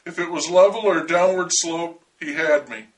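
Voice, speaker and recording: A man's voice: on the high side, steady tone, moderate pace, recorded from a distance, rough recording. A man narrating a first-person story in a dry, wry way.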